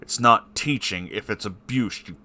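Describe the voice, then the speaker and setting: Man with a lowish voice reads a story aloud, cutting in with heated, profane reactions. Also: moderate pace, sharp tone. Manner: breaks off to swear and react angrily. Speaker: story reader.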